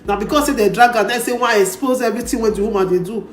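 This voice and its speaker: A woman's voice: fairly high pitch, fast. Nigerian Pidgin woman commenting in an echoey room. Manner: lecturing, drawing lessons. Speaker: channel host. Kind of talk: commentary on a played clip. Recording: roomy echo with faint music.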